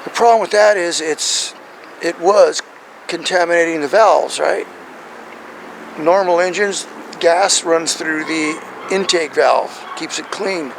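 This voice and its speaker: Man, gravelly, rambling, keeps asking "right?", casual how-to, outdoors, faint background noise. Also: on the high side, slow, low-quality recording. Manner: rambling, checks in with "right?" and "okay?". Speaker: truck owner showing his engine.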